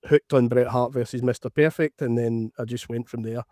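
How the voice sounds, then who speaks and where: A man's voice: mid-range voice, fairly even intonation, brisk, mellow, no room sound, studio quality. A middle-aged man with a broad Scottish accent, chatting as a guest on a podcast with a self-deprecating humour. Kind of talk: casual chat.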